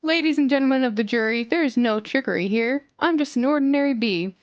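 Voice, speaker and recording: A woman's voice: high voice, fast, no echo, muffled recording, close to an everyday voice. A woman voicing an earnest young male bee in a dramatic script reading, in a voice close to her own.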